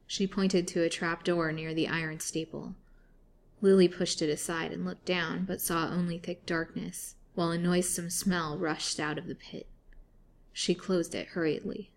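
A woman narrating a serialized story with steady, dramatic reading. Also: fairly low pitch, unhurried, a little hiss or hum.

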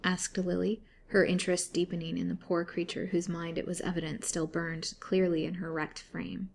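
A woman reading a gothic novel aloud as storyteller, in a measured, dramatic way. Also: on the low side, level tone, gravelly.

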